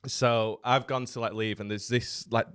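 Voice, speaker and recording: A man's voice: mid-range voice, little pitch movement, a bit bright, clean tone. A man telling a sweary story in casual podcast chat. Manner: fast, sweary anecdote-telling.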